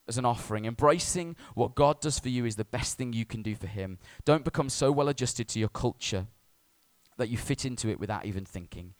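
A male pastor preaching a sermon, moving from loud urgent appeals to hushed near-whispers, with conversational asides and gentle humor. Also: mid-range voice, lively intonation, fairly quick, dry recording. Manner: swings between loud urgent exhortation and soft near-whisper.

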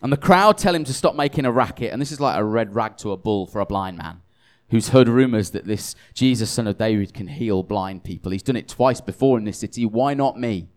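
A man's voice: lowish voice, brisk. A tired man preaching a conversational sermon, self-deprecating and chatty, often restarting his sentences.

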